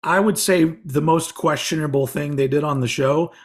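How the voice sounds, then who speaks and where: A man's voice: a little high, normal speed. A man co-hosting a podcast in casual chat, rambling, trailing off and making self-mocking jokes. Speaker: podcast co-host.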